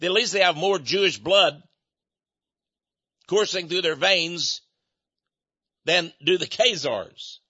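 Folksy older man, high bright voice. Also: slow, long pauses, breathy edge, no room sound. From United States. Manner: folksy, rambling, chuckles between points. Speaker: speaker. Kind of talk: opinionated monologue. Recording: dull lo-fi dry recording.

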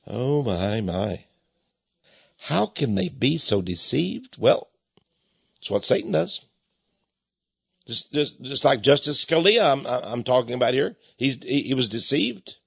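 A man's voice: mid-range voice, big pitch swings, takes it slowly, creaky, pauses often, a bit bright, slightly rough, dry recording. Chuckling, stammering male preacher. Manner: chuckling storyteller with many stammered restarts. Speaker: author and Christian speaker. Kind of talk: folksy preaching and book pitch. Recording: dull lo-fi recording.

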